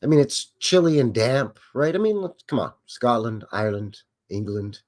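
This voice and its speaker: A man hosting a live stream and talking casually over old photographs, thinking aloud as he goes. His pitch at a middle level rises and falls a lot, which gives the chat a lively, wandering feel. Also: normal speed. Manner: musing, chatty, thinking aloud.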